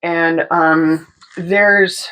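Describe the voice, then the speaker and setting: A woman's voice: fairly low pitch, very slow, poor audio. A young woman, a tattoo artist, casually telling a story, swearing freely and acting out the voices of the people in it. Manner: animated, swearing, mimics voices in her stories.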